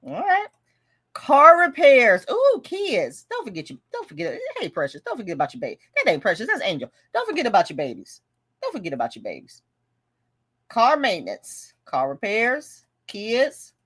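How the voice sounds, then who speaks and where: A woman's voice: a little high, huge pitch swings, moderate pace, fairly bright tone, breathy edge. A woman hosting a casual budgeting livestream, chatting, laughing and reading viewer comments aloud. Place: home livestream.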